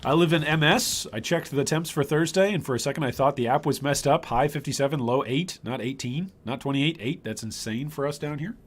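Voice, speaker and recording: An older man from Michigan chatting with his chat while streaming a game, with bursts of excitement. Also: fairly high pitch, a little fast, few pauses. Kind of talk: live gameplay commentary.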